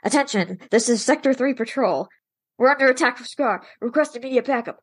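A woman pinches her nose to play a stiff male officer from an anime, barking orders over a phone line. The voice comes out nasal and husky, slightly high for a man. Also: a little fast, dry recording. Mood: urgent.

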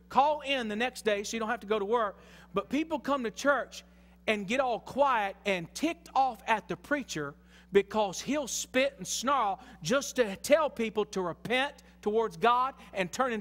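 Southern pastor, high-pitched man, hollering sermon in a reverberant church. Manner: shouting, excitable preaching. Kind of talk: fiery sermon. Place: church sanctuary.

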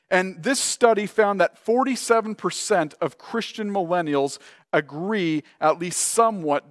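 A man's voice: sits high, a bit bright, dry recording, clean studio sound. A man preaching a conversational sermon as pastor, often acting out imagined voices of everyday people. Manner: conversational, acts out imagined dialogue.

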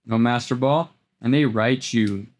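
Opening trading card packs a little slowly, a man of ordinary middle pitch calls out every card as it shows up in his casual unboxing chat. He stumbles over and repeats words, then bursts into sudden, excited highs.

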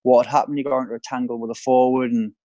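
A man reminiscing about a former teammate in an interview, relaxed storytelling with frequent ums and repeated words. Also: medium pitch, rapid-fire, no room sound. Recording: dry, dull lo-fi sound.

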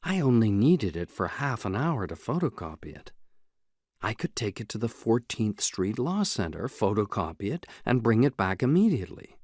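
A man reading a novel aloud in the first person, in a measured, even way. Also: fairly low pitch, no room sound, studio quality. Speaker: audiobook narrator. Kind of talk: scripted audiobook narration.

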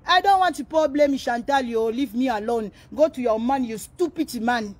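A woman's voice: on the high side, moderate pace, a little mellow. A woman ranting to camera, pleading and repeating herself as she switches between languages. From Congo. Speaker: vlogger answering a rival. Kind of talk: emotional direct-to-camera rant.

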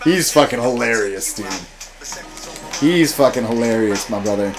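A man's voice: mid-range voice, expressive, normal speed, music in the background, poor audio. A young man chatting casually and profanely while gaming, slangy and calling everyone dude. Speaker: streamer.

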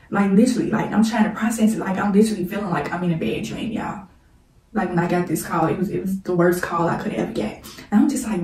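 Emotional woman with a mellow voice, recorded in an echoey room. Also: mid-range voice, slight background noise. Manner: halting, repeats "like", prays between passages. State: holding back tears. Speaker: storyteller vlogger. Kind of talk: emotional personal storytime. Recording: roomy, echoey room mic set at a distance.

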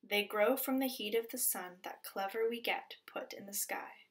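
At a moderate pace and medium pitch, a woman who teaches on the Pacific Northwest coast reads a storybook aloud. She's gentle and expressive, sometimes slipping into a whisper.

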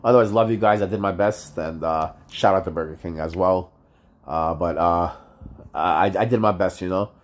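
A man talking to his vlog audience in a halting, rambling way, full of fillers and restarts, upset and frustrated. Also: sits low. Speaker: vlogger. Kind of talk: casual vlog monologue.

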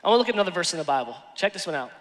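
A man preaching a sermon as pastor, telling stories with animated swings from hushed asides to shouted lines. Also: sits high, racing. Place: large church hall. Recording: long hall reverb.

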